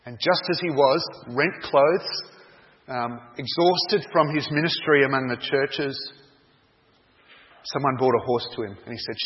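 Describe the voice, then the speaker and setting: A man preaching a sermon, telling a story in a dramatic, deliberate way. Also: medium pitch. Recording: dull echoey hall sound.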